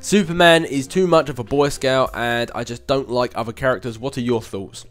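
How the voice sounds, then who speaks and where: Speaking at normal speed with a medium-pitched voice, a young man chats through viewer questions on his own channel over soft background music. It's a casual, rambling Q&A full of laughs and filler hums.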